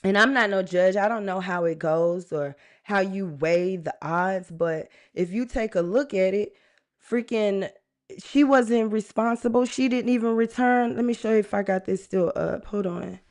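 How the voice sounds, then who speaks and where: A woman's voice: medium pitch, moderate pace. Chatty woman hosting a live true-crime stream. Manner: chatty, earnest, talks straight to viewers. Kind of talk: casual live-stream commentary.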